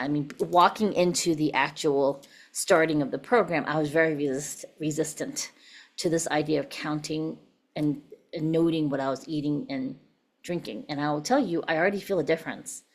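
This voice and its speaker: A woman hosting a podcast, talking casually and asking her listeners questions, and later leading a group through an animated guided exercise. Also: fairly low pitch. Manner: chatty, asks the listener questions. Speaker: podcast host. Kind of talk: casual chat and recorded workshop talk.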